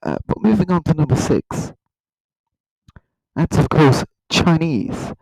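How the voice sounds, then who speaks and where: Man, satirical host, gravelly, dark mellow tone, rambling, lively pitch. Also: takes it slowly, no echo, low-quality recording. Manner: rambling, mock-serious, stumbles over words. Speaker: comedy video host. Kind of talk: satirical monologue to camera.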